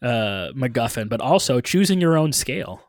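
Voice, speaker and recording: A man's voice: medium pitch, very animated, normal speed, no room sound. Podcast host guy, bouncy up-and-down voice, dry close sound, chill and jokey. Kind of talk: casual podcast chat.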